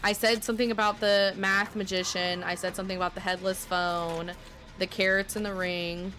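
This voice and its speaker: A woman's voice: mid-range voice, flat delivery, bright, forceful tone. Chatty young woman streamer, faint Southern lilt. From Texas. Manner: chatty, rambling, self-deprecating, quick asides to chat. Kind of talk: casual live-stream chat.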